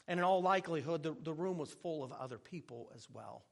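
A male pastor preaching a sermon with animated delivery and joking asides, at times dropping to a hushed tone. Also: fairly high pitch, a little fast, vocal fry.

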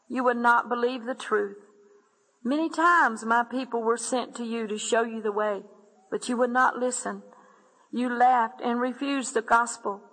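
A woman's voice: fairly high pitch, fairly bright tone, big-room sound, rough recording. A woman earnestly narrating a dramatic religious testimony, often speaking directly to her listeners. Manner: earnest, addresses listeners as "my friend".

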